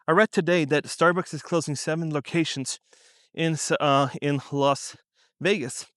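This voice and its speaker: A man vlogging while out walking on a sunny day, giving blunt, rambling money advice in a casual, animated way. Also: a little high, smooth, no room sound, clean studio sound. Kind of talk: casual talking-head vlog. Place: outdoors on a warm sunny day.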